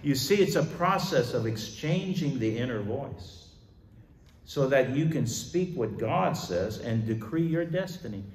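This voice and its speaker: A man pastor preaching a sermon, moving between loud emphatic declarations and quiet asides. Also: medium pitch, lively intonation, unhurried, far from the mic. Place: church sanctuary. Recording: echoey church hall.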